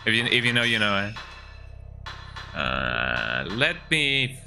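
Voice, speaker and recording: With music in the background, a man with a lowish, creaky voice speaks slowly but with huge pitch swings. He plays a horror game while joking and chatting casually, playful throughout and often tagging his lines with "eh?".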